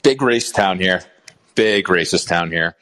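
A man's voice: low voice, lively intonation, unhurried, sharp tone, slight background noise. A man from Boston calling in, steadily laying out his argument. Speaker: caller. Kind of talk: call-in opinion.

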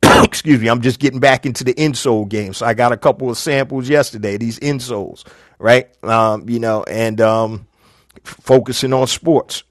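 A man's voice: medium pitch, fairly even intonation, normal speed, no echo, clean studio sound. A middle-aged man hosting a live business advice show, talking casually and telling stories with quoted dialogue. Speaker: business coach host.

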